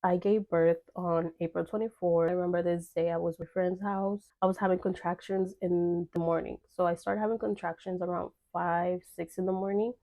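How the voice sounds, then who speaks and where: A woman's voice: lowish voice, fairly even intonation, normal speed, hardly any pauses, warm tone. A young woman telling a personal story in casual vlog chat, full of fillers and quoted dialogue. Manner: chatty, filler-heavy, acts out quoted dialogue.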